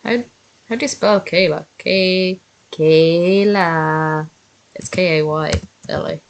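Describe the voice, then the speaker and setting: A woman's voice: on the low side, slow, a little hiss or hum, rough recording. Sweary woman streamer chatting casually. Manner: sweary, self-mocking. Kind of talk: casual stream chat and reading aloud.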